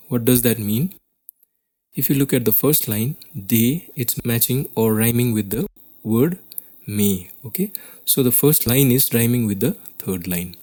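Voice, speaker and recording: A man's voice: mid-range voice, unhurried, mellow. A man with an Indian English accent teaching a class lesson on poetry, explaining step by step and often checking in with "okay?".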